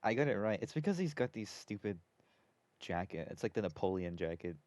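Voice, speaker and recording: A man's voice: lowish voice, big pitch swings, a little mellow, dry recording. A man streaming a video game, joking and swearing with friends. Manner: joking, profane, quick to laugh. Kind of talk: casual let's-play banter.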